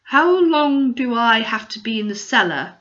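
A woman's voice: a little high, expressive, unhurried, fairly bright tone, lo-fi sound. Woman voicing a timid, fearful boy. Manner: hesitant, doubtful.

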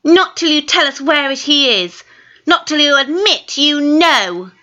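A woman putting on nasty bullying schoolgirl twins, snapping out demands in a high, sharp voice. The tone is bright and cutting, and the recording sounds dull and lo-fi. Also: expressive, measured pace, exaggerated voice. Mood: taunting.

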